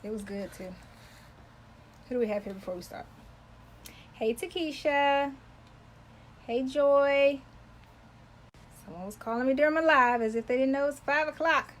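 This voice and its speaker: With a voice that sits high, a woman runs an embroidery livestream, speaking a little slowly with long pauses. She's talkative, chatting with viewers and calling out their names while she works. The recording is low quality.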